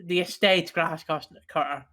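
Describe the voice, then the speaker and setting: A man's voice: on the high side, steady tone, a little slow, pushed and bright. A man from Britain co-hosting a casual podcast, telling stories in a rambling way and laughing often. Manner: giggly, rambling storyteller. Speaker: podcast co-host. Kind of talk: casual chat.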